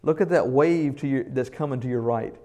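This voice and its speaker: A male preacher voicing a sly tempter who whispers doubts, in a lower, hushed, coaxing tone. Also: brisk, natural voice. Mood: taunting.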